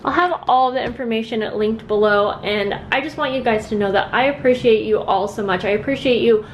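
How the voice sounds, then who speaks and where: A woman's voice: fairly high pitch, fairly quick, slight background noise. A young woman vlogging from home about her handmade journals, chatty and earnest, rambling between thoughts. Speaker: craft vlogger. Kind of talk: casual chat to camera.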